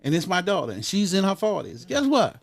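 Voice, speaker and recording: A man's voice: sits high, huge pitch swings, brisk, vocal fry, dry recording, studio quality. An older man, a guest in a casual interview, talking bluntly and swearing often. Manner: blunt, swears a lot, street talk.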